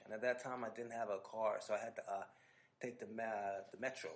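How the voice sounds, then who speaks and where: A man hosting a podcast, telling an animated, casual story full of restarts and asides. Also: mid-range voice, fast talker. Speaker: podcast host.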